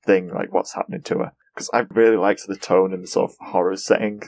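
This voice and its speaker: A man hosting a casual podcast, chatty and quick to laugh as he talks through an episode. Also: deep voice, flat delivery, vocal fry, darkish tone. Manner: chatty, laughs often, mimics characters in quick asides. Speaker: podcast host.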